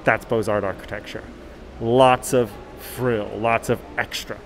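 Chatty male tour guide, mid-pitched, phone mic while walking, faint street noise behind. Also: steady tone, unhurried, rough recording. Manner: chatty, reads viewer comments aloud. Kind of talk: live-streamed walking tour. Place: inside a library, then outdoors on a city street.

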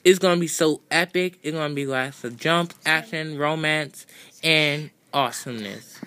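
A woman's voice: deep voice, dry recording, voice pushed down. A woman doing a hyped-up toy action hero. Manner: hurried, excited boasting.

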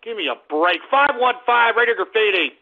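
A man hosting a call-in radio show, abrasive and yelling insults at his callers, heard with a tinny lo-fi sound. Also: sits high, lively intonation, brisk, vocal fry. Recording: tinny lo-fi phone-line sound.

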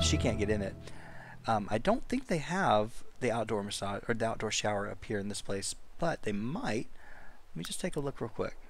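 A man's voice: mid-range voice, slight background noise. A man giving casual let's play commentary, chatty and talking directly to his game characters.

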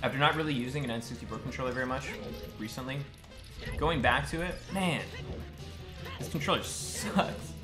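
Sarcastic young man streaming a game. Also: mid-range voice. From United States. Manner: swearing, sarcastic, chatting with viewers. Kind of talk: casual live-stream commentary. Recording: game music playing behind. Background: game music.

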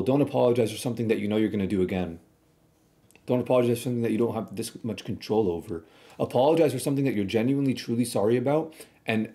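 A man's voice: mid-range voice, mellow. A man streaming a reaction video, arguing bluntly in a casual, rambling way with frequent restarts.

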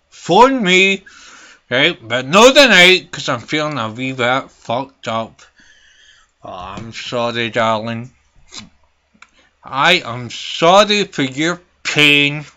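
A man's voice: sharp tone, clear, resonant tone, full character voice. Man putting on a foul-mouthed granny. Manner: swearing rants with sudden shrill outbursts. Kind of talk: comedy character vlog.

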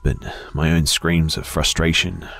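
Man, very deep voice, husky, hushed dramatic horror narration, drops to whispers. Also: level tone, unhurried, soft background music. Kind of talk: scripted first-person horror narration.

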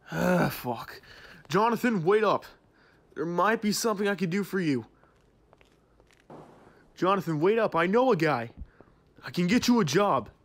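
A man's voice: mid-range voice, expressive, a little fast. A man voicing a boss who fired his friend and keeps pleading and apologizing, repeating himself. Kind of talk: amateur game-video voice acting.

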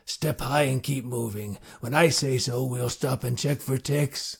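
A man's voice: steady tone, measured pace, full character voice. A man putting on a grumbly old cowboy marshal. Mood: gruff. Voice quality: dry grumbly rasp. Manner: low drawling growl.

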